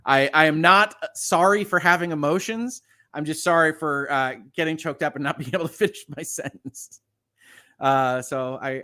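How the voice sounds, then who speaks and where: Middle-aged male streamer, mid-pitched, earnest and halting, reads chat comments live at his desk mic. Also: bright, forceful tone. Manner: halting, repeats words, earnest. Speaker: legal channel host. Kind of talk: livestream chat, reading viewer comments.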